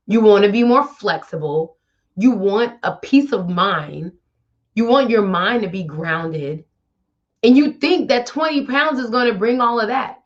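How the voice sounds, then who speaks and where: A woman's voice: mid-range voice, muffled recording. A woman hosting a wellness show, talking bluntly and casually straight to the listener. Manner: blunt, chatty, addresses listener directly. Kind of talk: casual motivational talk.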